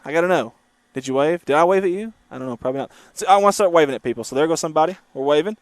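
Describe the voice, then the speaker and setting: A man's voice: a little high, very fast, dry recording. A man hosting a casual livestream from a moving car, chatting and reading viewer comments aloud. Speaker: livestream host. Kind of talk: casual driving livestream chat.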